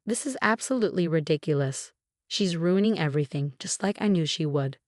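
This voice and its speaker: Woman reading a condescending older mother-in-law: low, dry, icy, dismissive. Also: animated, fairly quick, darkish tone, dry recording. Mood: cold.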